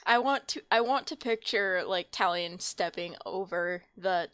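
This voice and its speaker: A woman's voice: on the low side, unhurried, fairly bright tone, clean tone, no echo. A young woman playing a tabletop game, casual and laid-back, often laughing and apologizing. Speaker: player.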